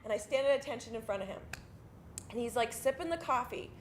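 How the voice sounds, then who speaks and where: Animated, profane woman veteran telling a story. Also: fairly high pitch, fast talker, slight background noise. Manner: casual, profane storytelling with lively swings. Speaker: army veteran recounting basic training. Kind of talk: spoken monologue performance. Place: theatre stage.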